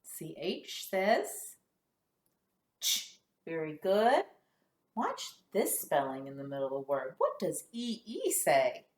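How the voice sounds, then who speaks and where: Woman teacher for little kids, slow deliberate phonics drill, animated praise, roomy echo. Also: low voice. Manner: slow, exaggerated sound-by-sound modeling with lively praise. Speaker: kindergarten teacher. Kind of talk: phonics lesson for young children.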